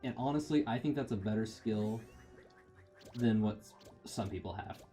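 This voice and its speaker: Faint game music plays as a gamer gives meandering let's play commentary, frequently putting himself down. He speaks at a normal speed, his voice fairly low and warm.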